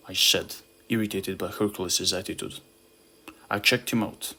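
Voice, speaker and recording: A man reads his own story aloud in the first person, with a husky voice. His tone is bright and on the low side. He keeps a plain storyteller's manner and slows down on the key lines. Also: steady tone. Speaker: narrator. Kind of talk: first-person audiobook narration.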